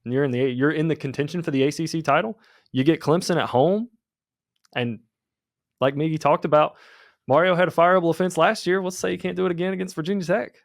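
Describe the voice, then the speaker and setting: A man's voice: on the high side, quick pace, creaky, no echo, clean studio sound. A man hosting a casual sports podcast, chatty and easygoing as he leads the talk. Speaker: podcast host.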